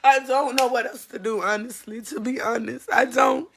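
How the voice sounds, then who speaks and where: A woman speaks straight to the camera in an emotional personal testimony. Her tone is bright and forceful, earnest and pleading, and she repeats lines to drive them home. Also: fairly high pitch, fairly even intonation, moderate pace. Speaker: mother giving a personal testimony.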